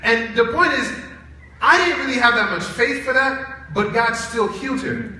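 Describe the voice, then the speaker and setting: Heard from afar in an echoing chapel hall, a man preaches to a college congregation. He tells stories with animation and performs the characters' voices, his very high-pitched voice moving at normal speed.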